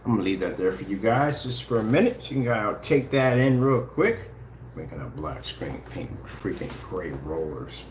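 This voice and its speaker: A man's voice: on the low side, lively intonation, moderate pace, a little hiss or hum. A man giving casual, taunting livestream commentary, full of sing-song mockery. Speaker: channel host.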